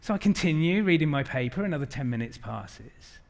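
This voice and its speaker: A middle-aged man giving an animated keynote talk to a live audience, acting out the quotes in his stories. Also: fairly high pitch, a little fast, gravelly. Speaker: conference speaker.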